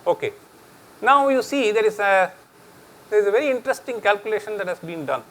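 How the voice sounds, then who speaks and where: A man's voice: sits high, expressive, brisk, a bit bright, rough recording. A middle-aged man with an Indian accent giving a chatty public lecture, switching between English and Hindi and laughing often.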